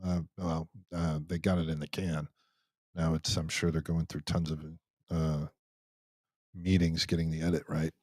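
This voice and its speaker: A man's voice: very deep voice, level tone, moderate pace, darkish tone, no room sound. A man hosting a live Q&A stream, chatting casually as he reads out viewer comments and jokes around with many restarts. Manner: rambling and joking, many restarts.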